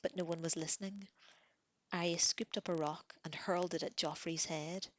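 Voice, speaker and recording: Low, soft-spoken woman reading aloud. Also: steady tone, moderate pace, dry recording. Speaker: reader.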